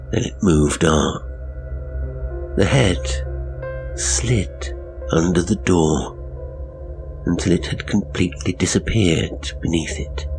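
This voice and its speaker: A man with a very deep voice tells a horror story slowly and with dark, measured drama. Faint music runs softly under his reading. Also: gravelly. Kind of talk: scripted horror narration.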